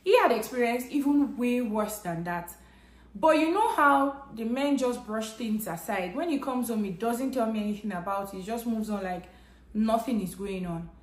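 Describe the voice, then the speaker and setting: A woman's voice: on the high side, expressive, moderate pace. A Nigerian woman with a Nigerian English accent, telling a personal story to camera in an earnest, conversational way. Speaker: vlogger. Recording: echoey room.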